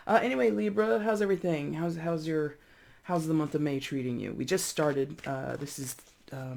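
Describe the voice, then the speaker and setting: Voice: medium pitch, creaky, darkish tone. A tarot reader giving a casual reading to camera, chatty and rambling, often repeating and correcting themselves, with giggly asides.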